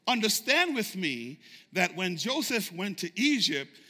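Fervent, shouting pastor in an echoing sanctuary. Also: male voice, high voice, sing-song, measured pace. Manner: fervent preaching, shouting, call-and-response with congregation. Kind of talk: sermon. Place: church sanctuary. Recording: echoey church sanctuary reverb.

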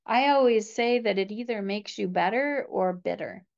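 Woman guest talking faith, earnest, gravelly voice, kinda muffled lo-fi sound. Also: medium pitch, moderate pace. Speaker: podcast guest. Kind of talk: casual faith conversation.

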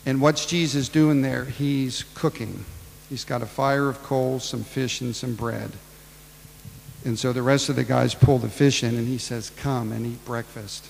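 A man's voice: medium pitch, steady tone, measured pace, gravelly, a little mellow, long reverb tail, slight background noise, poor audio. A man preaching a casual storytelling sermon, ad-libbing and acting out the people in the tale. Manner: casual, ad-libbing retelling with acted-out voices.

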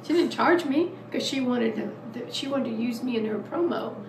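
Older woman, casual family chat, animated, laughs often, fairly high voice. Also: normal speed, a little hiss or hum, rough recording.

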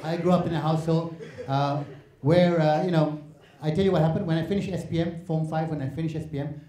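A man's voice: on the high side, steady tone, brisk, warm tone. A man, doing chatty, self-mocking stand-up comedy. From Malaysia. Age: 40s.

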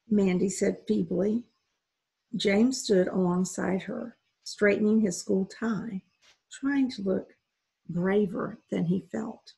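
A woman reads a children's story aloud, unhurried and expressive. Her voice is very husky with a gravelly edge, and she takes her time over each phrase. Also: mid-range voice, low-quality recording. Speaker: reader. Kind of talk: reading a children's novel aloud.

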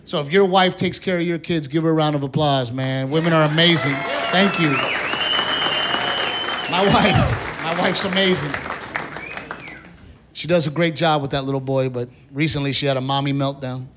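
A man's voice: a little high, steady tone, moderate pace, pauses often, heavy background noise. A man doing a stand-up comedy set on a live stage, telling a story and acting out family members' voices. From Mexican-American heritage. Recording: live club recording, loud crowd. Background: audience laughter.

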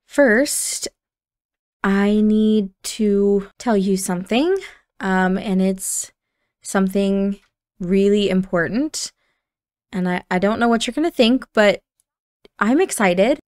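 A woman voicing a young pregnant woman who speaks earnestly and haltingly, improvising lines over gameplay. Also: medium pitch, darkish tone, smooth, no room sound, clean studio sound, close to an everyday voice. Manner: hesitant, halting with fillers.

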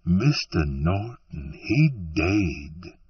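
A man voicing a sardonic, mysterious stranger dressed in black who talks low and softly. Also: sing-song, a little slow, slightly rough, no room sound, distant mic, exaggerated voice. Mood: menacing. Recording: muffled, dry, from off-mic.

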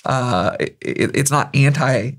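A man co-hosting a casual book discussion, giving thoughtful, measured commentary. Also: mid-range voice. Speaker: podcast co-host.

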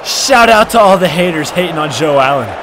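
A man giving excited, trash-talking commentary over his own football video game match, often shouting. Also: on the high side, brisk, noisy background. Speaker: gaming commentator.

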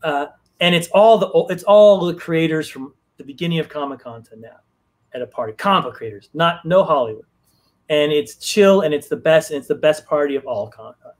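Male guest, slightly higher voice, rambling live-stream anecdote full of fillers. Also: expressive, brisk. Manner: rambling, many fillers and restarts. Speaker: guest writer. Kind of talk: casual storytelling in a live Q&A.

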